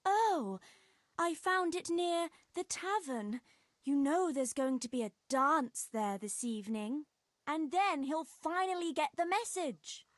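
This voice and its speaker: High, wistful young village girl. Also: expressive, no echo, studio quality. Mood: dreamy. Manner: slow, wistful storytelling.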